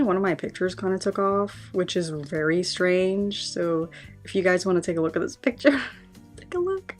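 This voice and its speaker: A young woman in casual vlog chat, chatty and quick to get excited or exasperated. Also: fairly low pitch. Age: young adult. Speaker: vlogger.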